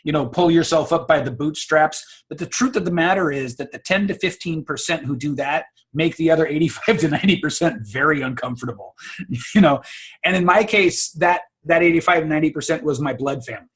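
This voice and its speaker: Husky higher-voiced American man explaining. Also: a little fast. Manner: expressive, laughs often, teacherly. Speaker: guest speaking coach. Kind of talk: conversational interview, explaining.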